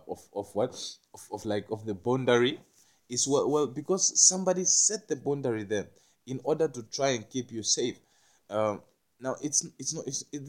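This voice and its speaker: A man giving a casual spiritual talk, rambling, restarting his words often and swinging between quiet and loud. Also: medium pitch. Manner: acts out little quoted voices with gasps and curses.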